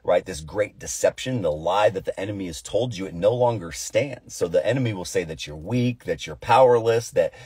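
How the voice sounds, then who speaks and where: A man's voice: low-pitched, moderate pace, few pauses, darkish tone, slightly rough, no echo. A man giving an informal devotional Bible teaching, earnest and repeating phrases for emphasis.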